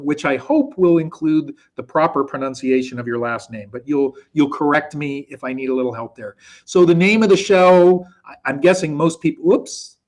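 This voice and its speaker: Man from the US, fairly high voice, live show co-host, chatty, over a video call. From United States. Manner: chatty, self-correcting.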